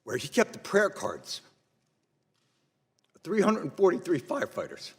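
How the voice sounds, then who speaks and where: A man's voice: high-pitched, huge pitch swings, a little slow, husky. Angry man testifying in an echoing hall. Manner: angry, emphatic, blunt. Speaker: witness testifying before Congress. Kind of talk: impassioned testimony. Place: large hearing room. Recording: long reverb of a hearing room.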